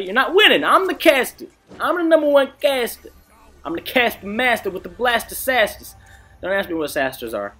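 A young man talks through his match in a bright, buzzy tone that leaps all over the place. He is excitable and foul-mouthed, and he breaks into laughter often. It sounds like casual gameplay commentary. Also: fairly high pitch. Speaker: gamer.

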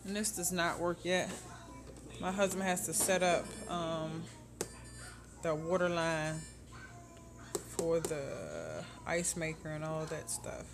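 A woman's voice: deep voice, expressive, takes it slowly, pauses often, music in the background. A woman in her thirties chatting casually through a home vlog, narrating her chores as she goes in her kitchen and laundry room, filmed on a handheld camera. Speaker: family vlogger.

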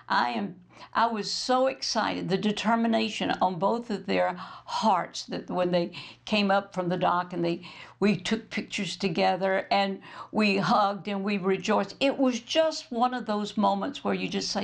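A woman's voice: mid-range voice, moderate pace, creaky. A woman minister hosting her program, telling a story as a sermon and acting out the dialogue in it. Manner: animated storyteller, acts out quoted dialogue.

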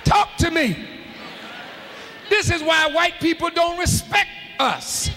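A man preaching a fiery sermon to a large arena crowd, shouting emphatically and calling out to the audience. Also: very high voice, slow pace, faint music behind. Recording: live arena hall with faint crowd noise.

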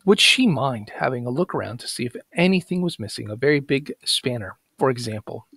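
Gravelly man reading a story aloud. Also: medium pitch, animated, brisk, fairly bright tone, no echo. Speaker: narrator. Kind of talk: read-aloud story narration.

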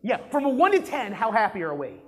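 A man giving a live sales talk to an audience, animated, asking the room questions and acting out examples. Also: high-pitched, brisk.

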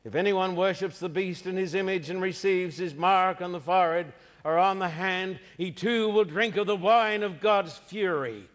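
Male preacher, high voice, emphatic, repeats key phrases, long hall reverb. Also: moderate pace, few pauses. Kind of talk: sermon.

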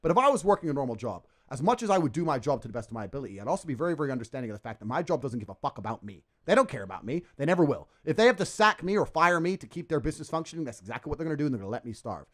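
A man ranting as a podcast guest in a forceful, profane, emphatic way. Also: on the high side, very animated, rapid-fire, hardly any pauses. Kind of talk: ranting casual talk.

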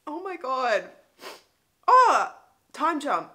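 A woman's voice: sits high, animated, a little slow, a bit bright. A woman hosting a movie reaction, talking emotionally and exclaiming over what she sees. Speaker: host. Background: film audio and music.

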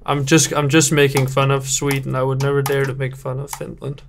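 A man's voice: mid-range voice, monotone, a little fast, vocal fry, slight background noise. A young man, a game developer judging player builds in casual, playful gameplay commentary full of teasing banter. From Denmark.

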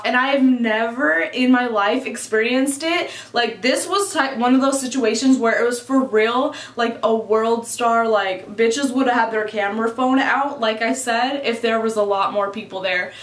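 A young woman in her twenties tells a story in a chatty, casual way, swearing freely and filling her speech with "like." Her voice sits high, and the room around it is echoey. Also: a little slow, a bit bright. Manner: chatty, swears often, says "like" constantly. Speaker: vlogger.

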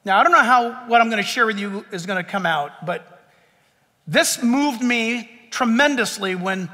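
A man's voice: very high voice, bright, forceful tone, big-room sound. A male pastor preaching an impassioned sermon to his church, full of emphatic rhetorical questions and jokes. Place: church sanctuary.

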